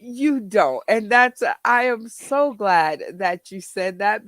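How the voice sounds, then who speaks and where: A woman hosting a casual question-and-answer chat in a studio, quick to exclaim and laugh. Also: sits high, no echo. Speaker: podcast host asking questions.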